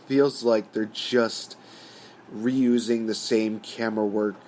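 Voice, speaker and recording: A man's voice: on the low side, fairly even intonation, slow, darkish tone, slight background noise. Rambling casual man ranting on camera. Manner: rambling, frequent "you know" fillers. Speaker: host. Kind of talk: casual opinion rant.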